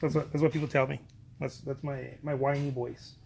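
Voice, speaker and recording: A man's voice: mid-range voice, level tone, brisk, creaky, a little mellow. A man painting on camera, chatting casually with a scratchy throat, rambling, joking and repeating himself. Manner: rambling and joking, repeats words, laughs often.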